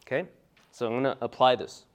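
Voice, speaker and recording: A male pastor with a medium-pitched, steady voice preaches fast in a conversational, emphatic style. He checks in with the congregation through frequent asides, swinging between soft remarks and loud bursts.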